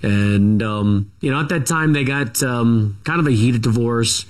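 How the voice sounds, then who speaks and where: A man's voice: mid-range voice, unhurried. A middle-aged man, a guest author in an interview, recounts his family history casually, with many fillers, restarts and self-corrections.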